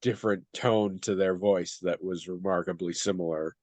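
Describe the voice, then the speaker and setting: A man's voice: low-pitched, steady tone, darkish tone, dry recording. Thoughtful man in casual discussion. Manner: thoughtful, measured, hedging. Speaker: podcast co-host.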